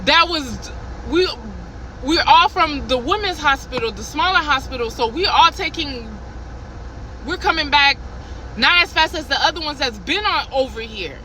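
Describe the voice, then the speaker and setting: A woman vlogging from a car, retelling a work story in an animated, heated way with many restarts. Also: sits high, moderate pace, slight background noise, low-quality recording. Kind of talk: casual storytime.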